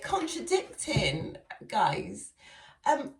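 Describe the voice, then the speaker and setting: This woman reads tarot for her viewers in a chatty, laugh-filled way, speaking slowly and expressively at a medium pitch with long pauses. Background noise is present, the room is echoey, and the mic is far away.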